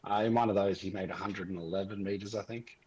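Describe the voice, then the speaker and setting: A man chats on a podcast in a low, husky voice. He rambles, fills pauses with ums and circles back to his point. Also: steady tone, a little mellow, poor audio. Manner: rambling, full of ums and hesitations. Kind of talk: casual chat.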